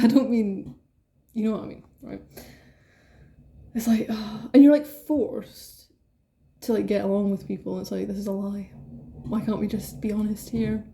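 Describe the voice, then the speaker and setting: A tarot reader works through a spread to camera, rambling loosely, swearing freely and bubbling with excitement. Her voice is mellow and somewhat dark at a middle pitch, with vocal fry.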